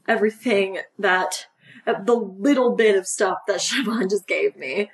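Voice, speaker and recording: A woman's voice: mid-range voice, far from the mic. A woman playing a tabletop role-playing game, dry and teasing. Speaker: player.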